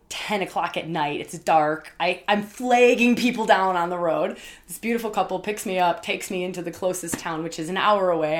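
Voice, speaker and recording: A woman host telling a candid personal story in a casual, emphatic way, with many fillers and repeated words. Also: fairly low pitch. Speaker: podcast host.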